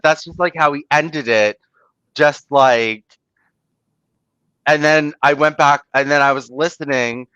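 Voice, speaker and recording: A man's voice: mid-range voice, sharp tone, clean tone, no echo. A man talking casually as a host, telling a story in rambling fashion, full of "like" and "you know" and free swearing. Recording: dull, muffled lo-fi audio.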